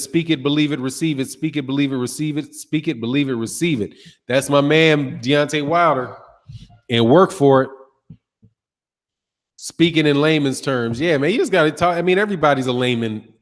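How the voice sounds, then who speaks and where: Animated man with a reverberant, fairly high voice. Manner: animated storytelling, laughs often, swears casually. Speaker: boxing channel host. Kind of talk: casual livestream chat reading comments.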